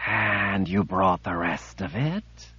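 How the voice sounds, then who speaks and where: A man voicing a cold, sinister sorceress in black, who speaks slowly and softly, cooing. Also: low voice, animated, slightly rough, no echo, highs cut off, exaggerated voice. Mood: coaxing. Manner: slow, cooing and soft.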